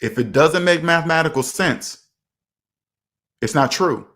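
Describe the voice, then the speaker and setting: A man's voice: fairly high pitch, animated, a little slow, fairly bright tone. A man hosting a personal finance channel, giving casual, emphatic advice and acting out the people he quotes.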